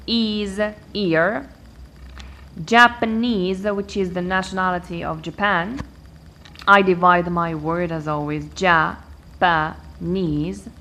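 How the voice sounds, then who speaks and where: A woman teaching an English pronunciation lesson, counting syllables aloud slowly and deliberately. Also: lowish voice, fairly bright tone. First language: Arabic.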